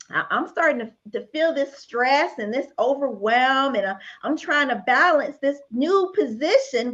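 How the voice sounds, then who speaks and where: A woman's voice: high-pitched, muffled recording. Woman telling a candid personal story. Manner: candid storytelling with frequent laughs. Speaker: author guest speaker. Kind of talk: personal testimony at a book event.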